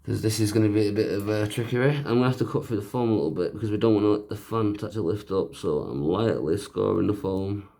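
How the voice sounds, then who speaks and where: A man with a fairly low voice talks a viewer through fixing a handheld console. He keeps up a loose, joking commentary full of self-mocking asides as he works. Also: quick pace, creaky, few pauses, warm tone. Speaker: repair video host. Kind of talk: casual narrated repair tutorial.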